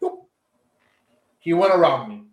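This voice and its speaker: An unhurried man with a fairly high voice co-hosts a podcast, telling a story animatedly. He curses freely in the casual chat, and the room echoes around him.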